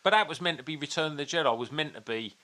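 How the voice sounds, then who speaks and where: A man's voice: fairly high pitch, rapid-fire, pushed and bright. A man, co-hosting a casual podcast and trading laid-back, dry, sweary banter. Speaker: podcast co-host. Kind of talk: casual chat over beers.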